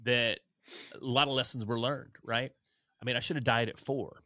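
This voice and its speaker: A man in his forties, a podcast guest on a video call, telling candid stories in an earnest, energetic, self-deprecating way. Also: medium pitch, moderate pace, dry recording. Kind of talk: candid conversational storytelling.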